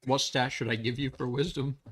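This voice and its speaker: A man's voice: mid-range voice, little pitch movement, a little fast, a bit bright. A man playing a tabletop game, cracking jokes and chatting casually with the table. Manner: jokey, offers snacks, chatty asides. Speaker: player.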